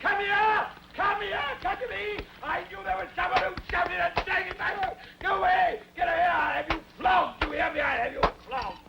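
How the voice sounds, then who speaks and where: An actor playing a furious, tyrannical Egyptian master who screams threats at a slave. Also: male voice, expressive, normal speed, creaky, few pauses, over a noisy crowd, heavy background noise, heavily acted. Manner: screaming threats, shrill and frantic.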